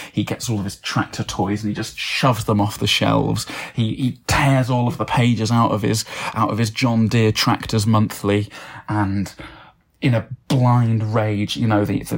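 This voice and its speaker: A man improvises a comic story and keeps circling back with fillers and false starts. His voice sits low and has a husky, gravelly texture. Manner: rambling, full of fillers and restarts.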